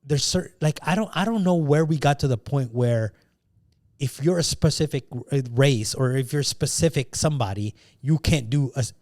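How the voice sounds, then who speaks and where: A man's voice: medium pitch, normal speed, darkish tone, no room sound. Man, podcast co-host, casual chat, emphatic, swears a lot, stumbles over restarts, dry sound. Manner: emphatic, swears freely, repeats words when starting sentences.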